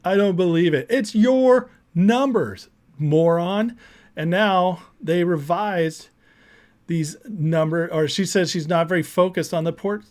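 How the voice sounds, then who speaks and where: A man's voice: fairly high pitch, fairly even intonation, a little slow. A man hosting a political commentary show, ranting emphatically and indignantly, often repeating words.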